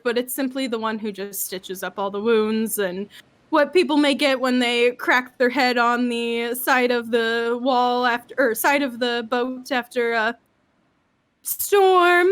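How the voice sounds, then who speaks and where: A woman's voice: a little high, fairly bright tone. A woman voicing a gracious ship captain who speaks in a polite, formal way.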